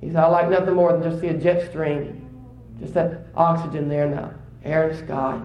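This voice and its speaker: A male preacher delivering a sermon during a church service. He tells a story and rises to excited, high-pitched exclamations. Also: normal speed, roomy sound, highs cut off, a little hiss or hum.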